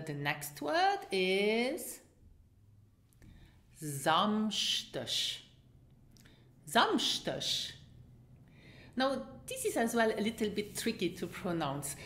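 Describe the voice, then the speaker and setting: A woman with a Luxembourgish accent gives a pronunciation lesson at a very slow, careful pace. Her pitch moves in a lively way as she repeats each word for the listener to copy. The room around her has a noticeable echo. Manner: patient, drills words for repetition. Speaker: language teacher. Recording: roomy echo.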